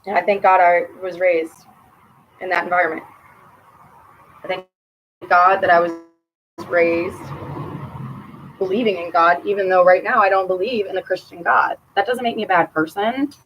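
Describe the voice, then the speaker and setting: A woman venting to her camera at her sister, bitter and profane, her voice dropping low or flaring hot. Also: steady tone, moderate pace, long pauses, muffled recording, slight background noise. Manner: swings between muttering and heated outbursts. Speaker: vlogger addressing her sister. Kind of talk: personal rant to camera.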